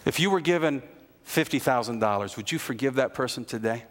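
A man preaching an earnest sermon as pastor, rising at times to excited emphasis. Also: mid-range voice, a little fast. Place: church sanctuary. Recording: long reverb of a large hall.

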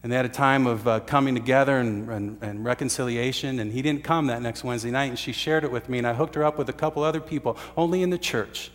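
A man's voice: medium pitch, quick pace, few pauses, long reverb tail. A man preaching a sermon, telling a story earnestly with uhs and restarts. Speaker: pastor.

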